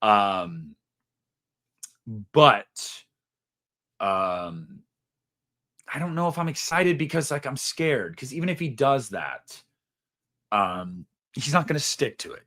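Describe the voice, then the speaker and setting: A man's voice: medium pitch, a little slow, long pauses. A young man chats on a live stream, reading super chats aloud. His voice swings widely up and down as he rambles and jokes about himself. He swears casually and trails off mid-thought. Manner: rambling, animated, swears casually, self-mocking.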